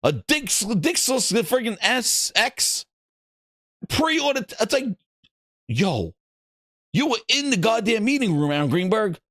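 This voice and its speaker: A man hosting a gaming podcast, chatting excitedly, rambling, swearing and cracking himself up. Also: high-pitched, a little slow, pauses often, no echo, clean studio sound. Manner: rambling, laughs at his own jokes, swears a lot. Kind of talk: excited casual chat.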